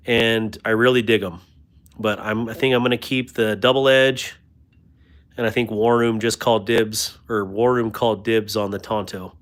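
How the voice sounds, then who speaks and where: A man hosting a casual livestream, chatting about knives, reading viewer comments and joking about himself. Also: on the low side. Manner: chatty and self-deprecating, thanks viewers warmly. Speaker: host of a knife livestream.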